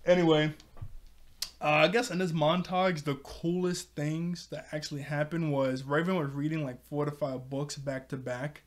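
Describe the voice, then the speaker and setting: A man's voice: fairly high pitch, steady tone, moderate pace. A young man casually recapping a cartoon episode, rambling with lots of fillers and frequent laughs. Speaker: show reviewer.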